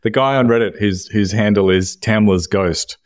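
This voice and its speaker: Low-voiced guy bantering on a podcast, dry close sound. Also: moderate pace, no room sound. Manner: wry, bantering, laughs easily. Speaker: podcast co-host. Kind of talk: casual chat.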